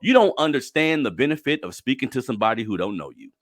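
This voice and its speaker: A man hosting a conversational interview podcast, talking emphatically and breaking into high-pitched jokes. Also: fast talker, no echo, studio quality. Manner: emphatic, animated, jumps up high when joking. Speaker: podcast host.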